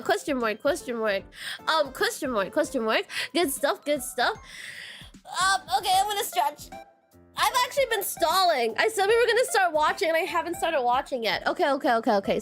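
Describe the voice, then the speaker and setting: Giggly high-voiced woman streamer. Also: fairly bright tone. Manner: giggly, reads chat aloud, often repeats "question mark". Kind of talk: casual chat reading viewer comments.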